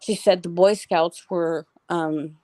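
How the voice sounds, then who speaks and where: A woman's voice: on the low side, fairly even intonation, slow pace, dark tone, no room sound. A middle-aged woman telling a story as an interview guest, in a rambling, casual way full of "like" and restarts.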